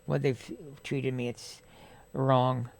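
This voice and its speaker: A man's voice: mid-range voice, level tone, slow pace, vocal fry, no echo. A man talking casually and bluntly as a podcast guest, swearing a lot and filling his talk with "right?". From Canada. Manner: blunt, heavy swearing, many fillers. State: undergoing chemotherapy. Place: podcast studio.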